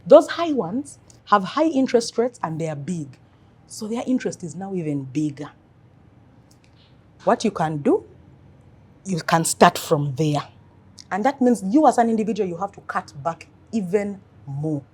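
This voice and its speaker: A woman financial coach giving earnest advice in an interview, telling animated stories. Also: medium pitch, moderate pace, long pauses, breathy edge.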